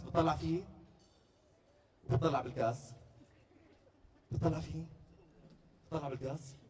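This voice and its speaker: Fast-talking man doing stand-up comedy. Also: on the high side, recorded from a distance, slight background noise. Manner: quick, playful storytelling with deadpan punchlines. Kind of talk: stand-up routine at a staff party. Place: party venue before a live audience.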